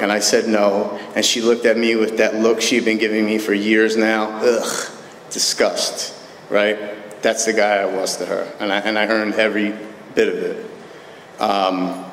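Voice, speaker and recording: A man tells his own story to a live meeting group, candid and self-mocking, dropping dry jokes between the hard parts. His voice rings out into a large reverberant hall, with a faint hum of room noise underneath. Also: on the low side. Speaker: recovery meeting speaker. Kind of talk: personal recovery story told to a live group.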